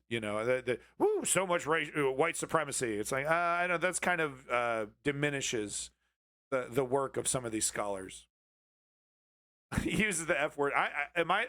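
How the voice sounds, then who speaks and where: A man's voice: medium pitch, bright, forceful tone. A man hosting a live stream, rambling through casual commentary on clips and sarcastically taunting viewers in chat, with swearing. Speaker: livestream host.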